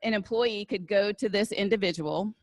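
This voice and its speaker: A woman's voice: mid-range voice, normal speed, dry recording. A woman with a Southern American accent giving a conversational talk on workplace inclusion and taking audience questions, checking in with the room as she goes. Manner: conversational, asks "right?" often. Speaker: diversity and inclusion speaker.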